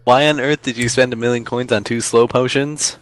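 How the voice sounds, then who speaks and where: A man's voice: medium pitch, steady tone, a little fast, background noise. A young man reading out fan questions over voice chat and teasing his friend in a dry way. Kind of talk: casual voice-chat Q&A.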